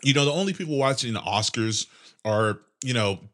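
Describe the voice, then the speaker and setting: A young man in his twenties hosting a casual solo podcast, rambling and sarcastic with heavy swearing, his nose congested and clearing his throat. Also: medium pitch, expressive, brisk, fairly bright tone. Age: 20s. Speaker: podcast host.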